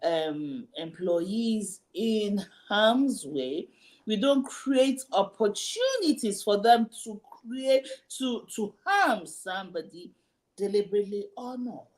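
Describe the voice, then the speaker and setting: A woman hosting a talk show discussion, measured, handing the floor to her co-host. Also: mid-range voice, sing-song.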